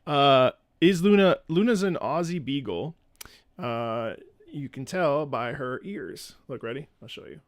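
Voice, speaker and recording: A man's voice: mid-range voice, expressive, measured pace, dry recording, clean studio sound. A man hosting a casual reaction video, chatting and reading out viewer requests at home.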